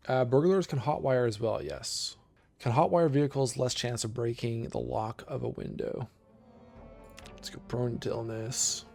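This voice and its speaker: Gravelly man chatting through a game stream. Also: mid-range voice. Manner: relaxed, chatty, talks to chat while picking options. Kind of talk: casual game livestream commentary.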